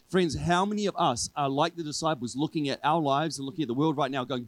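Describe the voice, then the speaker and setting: A man preaching a sermon to his church in a relaxed, conversational way, driving his points home with repeated refrains. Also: fairly high pitch, fast talker, few pauses, no room sound, low-quality recording. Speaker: pastor. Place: church service with a congregation.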